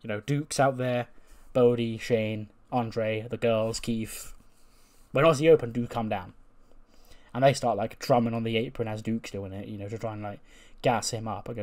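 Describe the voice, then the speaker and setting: A man's voice: lowish voice, steady tone, moderate pace, darkish tone. A man casually narrating a wrestling management game, rambling with plenty of fillers. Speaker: game commentator.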